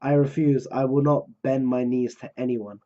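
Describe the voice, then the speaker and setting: A proud young courtesan speaks firmly and defiantly, as a man reads her from a manga. The voice is mellow and dark, and the recording sounds dull and lo-fi. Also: mid-range voice, little pitch movement, moderate pace, lightly acted. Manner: firm, defiant.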